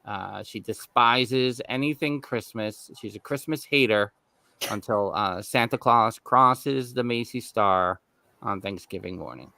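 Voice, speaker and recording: A man's voice: fairly low pitch, a little slow, gravelly, bright, forceful tone, no echo. A man co-hosting a podcast in casual chat, rambling with lots of fillers. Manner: rambling, restarts with many fillers. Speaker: podcast co-host.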